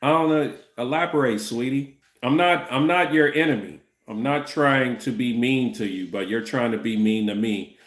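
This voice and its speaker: A man in his fifties hosts a laid-back livestream and answers the chat as he goes. His voice sits at an ordinary middle pitch, and he often stumbles and restarts. The sound is echoey, as if the room around him bounces it back. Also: normal speed, a bit bright. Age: 50s. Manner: loose, repeats "you know what I'm saying", stumbles and restarts.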